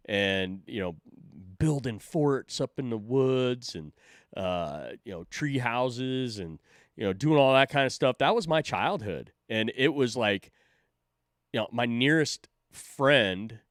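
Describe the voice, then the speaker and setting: A man chats loosely on a stream, swearing freely and poking fun at himself as he rambles. His pitch swings widely as he talks. The sound is dry and close. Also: a bit bright, dry recording. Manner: rambling, profane, self-mocking, laughs often. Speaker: streamer host. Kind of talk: casual chat.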